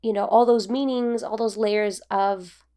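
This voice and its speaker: A woman's voice: medium pitch, fairly even intonation, measured pace, mellow, clear, resonant tone. A woman co-hosting a podcast in casual chat. She talks in a giggly, rambling way with lots of fillers. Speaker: podcast co-host.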